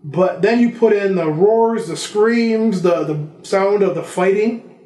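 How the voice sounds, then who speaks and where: A man's voice: sits high, normal speed, darkish tone, roomy sound. A man giving a casual vlog lesson on filmmaking, talking conversationally and listing examples. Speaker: filmmaking instructor.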